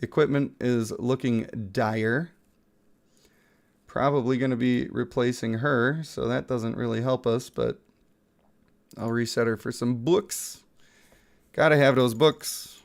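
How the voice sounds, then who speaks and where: Sick guy streaming a mobile game, joking with chat, smooth clear voice, mid pitch. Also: steady tone, measured pace, pauses often. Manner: playful, jokey, chatting with viewers. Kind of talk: casual live-stream commentary.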